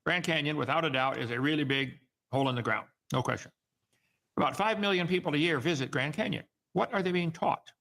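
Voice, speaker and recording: Pushed and bright, a man's voice on the high side runs a little fast as he hosts a call-in program. He delivers argumentative commentary, lecturing with emphasis and open mockery.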